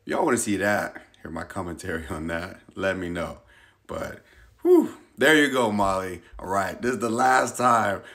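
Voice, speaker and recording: A man's voice: low voice, moderate pace, hardly any pauses, pushed and bright. An American man telling a funny, self-mocking story about his own mishap in a casual vlog. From United States. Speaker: vlogger.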